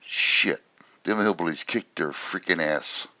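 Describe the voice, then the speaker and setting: Deep-voiced man swapping profane stories. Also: unhurried, pushed and bright, no room sound. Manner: profane, rambling storyteller. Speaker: veteran storyteller. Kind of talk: casual chat. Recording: dull dry lo-fi sound.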